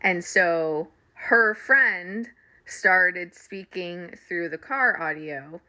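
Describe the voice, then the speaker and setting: A middle-aged woman, a spiritual reader and coach, casually telling her viewers a story, animated and laughing often. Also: lowish voice, extremely slow.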